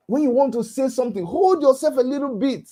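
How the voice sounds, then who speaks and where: A man broadcasts an impassioned, preachy monologue aimed at his critics, scolding them and repeating himself for emphasis. His very high voice is dark in tone, animated, and brisk.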